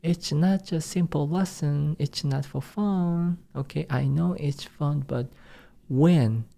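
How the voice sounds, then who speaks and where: A young Korean man teaching his native language in English with a Korean accent, drilling phrases at fast speed and insisting on serious practice. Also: medium pitch, vocal fry, warm tone. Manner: drills phrases in rapid repetitions, earnest and insistent. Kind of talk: online language lesson.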